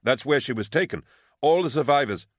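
A man voicing a measured, deferential male intelligence officer who reports calmly. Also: medium pitch, dry recording, clean studio sound, voice pushed up, close to an everyday voice.

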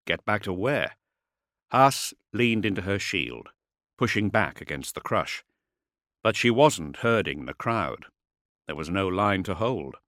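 A man with a lowish voice narrates an audiobook in a scripted, dramatic style, his pitch rising and falling widely through each sentence. The recording is dry and close, with no room sound. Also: dry recording. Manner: dramatic, with lively pitch swings.

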